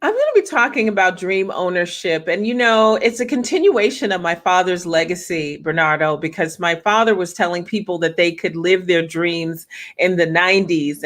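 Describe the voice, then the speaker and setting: This is an upbeat woman motivational speaker being interviewed over a video call. Her voice is very bright and sharp, and she laughs easily between answers. Her pitch sits in an ordinary middle range.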